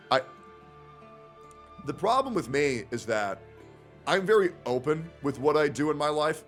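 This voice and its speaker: Animated young male streamer, slightly high voice. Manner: animated, swearing, jumps into impressions. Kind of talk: casual chat.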